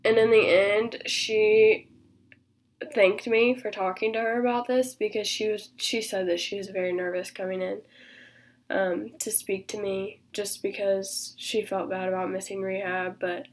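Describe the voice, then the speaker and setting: A woman's voice: mid-range voice, fairly even intonation, measured pace, a little hiss or hum. Earnest young woman reflecting aloud. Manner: earnest, thoughtful, talks in loose starts with many fillers. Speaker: athletic training student. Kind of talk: casual reflective monologue.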